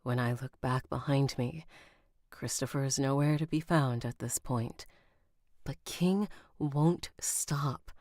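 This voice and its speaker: A woman's voice: extremely low pitch, slow, a little mellow, no echo, clean studio sound. A woman recording an audiobook on a live stream, rereading lines and stopping to comment and laugh at herself. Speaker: audiobook narrator.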